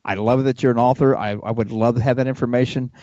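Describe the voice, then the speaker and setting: Fast-talking blunt Southern man in his fifties. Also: mid-range voice, steady tone, dark tone, no echo, highs cut off. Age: 50s. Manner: blunt, swearing, joking. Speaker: radio show co-host. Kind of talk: casual chat.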